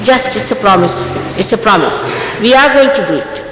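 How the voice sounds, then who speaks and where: A woman's voice: mid-range voice, animated, moderate pace, noisy background. An older woman, a spiritual teacher, giving an emphatic, scolding talk to her followers, full of rhetorical questions. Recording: echoey hall, archival recording.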